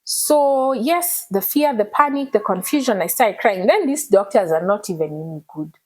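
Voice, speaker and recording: A woman, telling her personal story in an emotional, animated way as an interview guest. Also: mid-range voice, normal speed, low-quality recording. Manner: earnest, animated retelling with code-switching.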